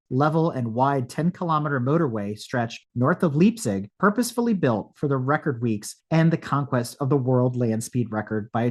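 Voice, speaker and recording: A man reading a scripted introduction as podcast host, in an even, read-aloud delivery. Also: mid-range voice.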